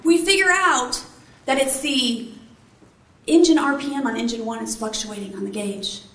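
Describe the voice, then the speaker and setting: A faint crowd and slight background noise sit beneath her high, fairly bright voice, which moves at a moderate pace. The middle-aged former Army helicopter pilot is giving a keynote in a large room, animatedly telling a story and questioning listeners, and the echoey hall adds faint ambience.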